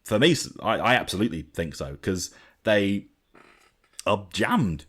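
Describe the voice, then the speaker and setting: A man's voice: lowish voice, sing-song, a little slow, fairly bright tone, breathy edge. A man hosting a podcast, chatting casually and animatedly about an album with many fillers and restarts. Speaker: podcast host. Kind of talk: casual album review chat.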